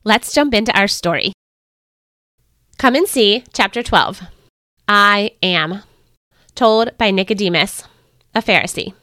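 A woman's voice: medium pitch, measured pace, long pauses, bright, forceful tone, no echo, clean studio sound. Woman narrating a family devotional. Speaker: podcast host reading a devotional. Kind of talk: scripted storybook narration.

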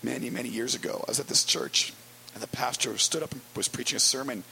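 A man preaching a conversational sermon as pastor, wry and storytelling with quick asides. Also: medium pitch, fairly even intonation, vocal fry, pushed and bright, a little hiss or hum, low-quality recording.

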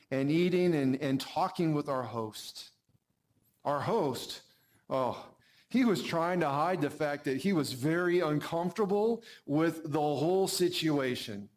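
A man preacher telling a story in first person as a character, shifting from animated to hushed. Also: on the high side. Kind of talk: first-person dramatic sermon monologue.

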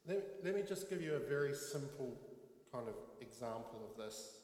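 A man's voice: medium pitch, lively intonation, moderate pace, darkish tone. A man preaching a sermon as pastor, talking conversationally and asking the congregation short questions. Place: church. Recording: echoey hall reverb.

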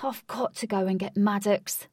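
A woman's voice: mid-range voice, steady tone, normal speed, a little mellow, slightly rough, dry recording, far from the mic, close to an everyday voice. A woman reads as a streetwise young male brawler, casual in speech and stubbornly loyal. The storybook reading is close and dry. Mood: insistent.

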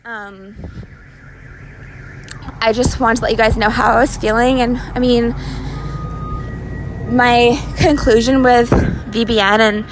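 A woman's voice: on the high side, steady tone, slow, pauses often. A young woman hosting a casual solo podcast while walking outdoors, talking candidly in a rambling way and laughing often. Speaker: podcast host. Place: walking outdoors on a city street. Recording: street noise with sirens and traffic. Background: sirens, cars, restaurant fan.

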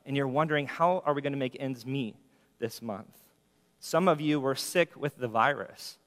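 Earnest male pastor preaching in a reverberant hall. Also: medium pitch. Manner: earnest preaching with slowed, emphatic scripture readings. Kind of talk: sermon.

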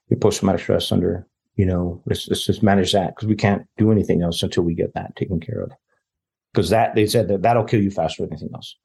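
A man's voice: on the low side, gravelly, mellow, slightly rough. A man, a guest telling a personal story in casual, rambling talk, often quoting other people. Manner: rambling, quotes others in dialogue. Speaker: interview guest.

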